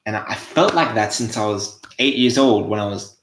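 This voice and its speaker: A man's voice: lowish voice, moderate pace, reverberant. A young Australian man hosting a casual motivational monologue, swearing freely and restarting his phrases. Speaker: host.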